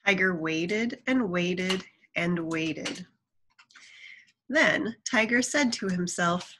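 A woman's voice: on the low side, lively intonation, extremely slow, a bit bright, a little hiss or hum, low-quality recording. A woman reading a children's folk tale aloud, adding chatty asides to the listener. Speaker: storyteller.

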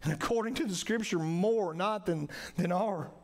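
In a church sanctuary, a pastor with a high, gravelly voice delivers an earnest sermon at a moderate pace. He repeats himself often and keeps tagging phrases with "right?" to check in with the congregation.

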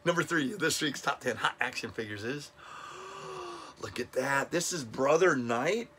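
A man's voice: medium pitch, animated, moderate pace, pushed and bright, slight background noise. A middle-aged man hosting a casual toy countdown vlog, enthusiastic and chatty, often stumbling over names. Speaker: toy review channel host.

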